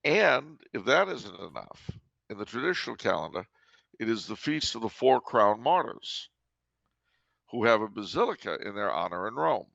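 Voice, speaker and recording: A male podcast host with a heavily gravelly, fry-laden voice at a middling pitch, talking in a dry, teasing way and tossing in sung jokes. The sound is dry and slightly dull, with no room sound. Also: big pitch swings, moderate pace, fairly bright tone, no echo. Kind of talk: casual podcast chat.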